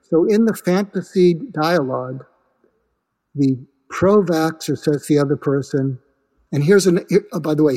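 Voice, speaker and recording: A man's voice: fairly high pitch, big-room sound. An older man talking as an interview guest, explaining ideas and acting out example dialogues in quoted voices. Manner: animated, slips into quoted voices. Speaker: guest, suicide prevention expert.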